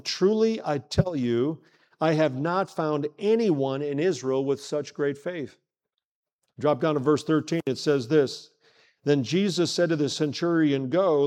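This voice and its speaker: A man's voice: a little high, a little mellow. Man preaching in a reverberant hall. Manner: preaching with rhetorical questions, dramatic pauses and retold dialogue. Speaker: pastor. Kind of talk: sermon.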